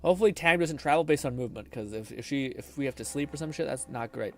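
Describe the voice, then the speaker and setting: A man's voice: medium pitch, fast talker, a bit bright. A man streaming a video game, chatting casually, swearing often and laughing a lot. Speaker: gaming streamer. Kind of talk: casual live-stream commentary.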